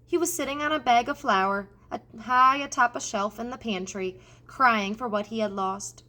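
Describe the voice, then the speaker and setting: Expressive woman reading a storybook. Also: a little high, normal speed. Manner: expressive, addressing the reader. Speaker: audiobook reader. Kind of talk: storybook narration.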